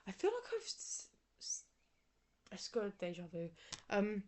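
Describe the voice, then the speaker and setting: Soft-spoken woman, dipping into whispers. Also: medium pitch, wildly swooping pitch, moderate pace. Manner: rambling, soft and often dropping into a whisper. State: sleepy, yawning. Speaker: vlogger. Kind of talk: casual chat.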